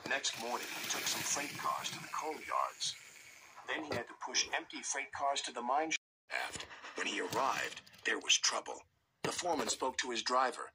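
A man narrating a children's storybook in an expressive way, doing voices for many figures. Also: medium pitch, moderate pace, noisy background.

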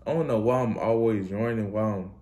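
A young man, bursting into loud exclamations over the plays. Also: on the low side, brisk. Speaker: reaction channel host. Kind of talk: casual sports highlight reaction.

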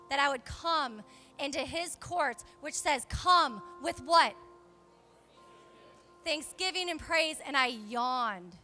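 A young woman, a pastor's wife, preaching a charismatic sermon in church, exhorting fervently and swinging between loud calls and hushed confessions. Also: high-pitched. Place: church sanctuary.

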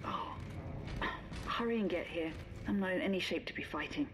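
A woman's voice: on the low side, moderate pace, background noise, close to an everyday voice. An actress voicing an injured woman survivor in a video game. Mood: urgent.

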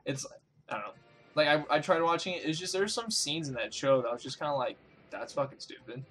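A man's voice: on the high side, lively intonation, fast talker, a bit bright, soft background music. A young man, hosting a gameplay recording and chatting in a rambling way, full of swearing and fillers. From New Jersey. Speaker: host, game player. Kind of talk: casual chat over a gameplay recording.

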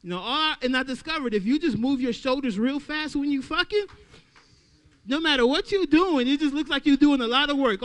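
A man doing a stand-up comedy set at an open mic, talking loudly and playing out little voices for the crowd. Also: very high voice. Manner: loud, animated crowd work with acted-out voices.

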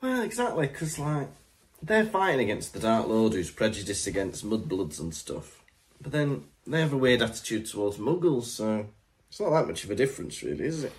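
A man's voice: mid-range voice, very animated, moderate pace. A man co-hosting a podcast in casual chat, making wry asides and laughing often. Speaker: podcast co-host.

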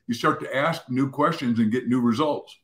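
A man's voice: mid-range voice, normal speed, fairly bright tone. A man speaking as a guest author on a radio show, preachy and full of anecdotes. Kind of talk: interview talk.

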